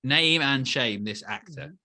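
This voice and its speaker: This is a man bantering on a film review podcast, tossing in dry, teasing jokes. His voice is bright and forceful, at a middling pitch. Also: measured pace. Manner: dry teasing one-liners. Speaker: podcast co-host.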